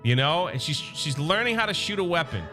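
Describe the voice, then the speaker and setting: A man recapping a story for his channel, excitable and openly a fan. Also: on the high side, brisk, soft background music. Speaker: YouTube reviewer.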